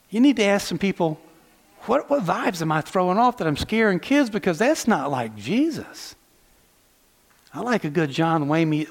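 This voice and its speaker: A fairly high-voiced man preaches to his congregation with a lively, swinging delivery. He teases his listeners and fires off rhetorical questions. His voice rings out through a large hall with a long reverb tail. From Southeastern United States. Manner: animated, joking asides and rhetorical questions. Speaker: pastor. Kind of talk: sermon.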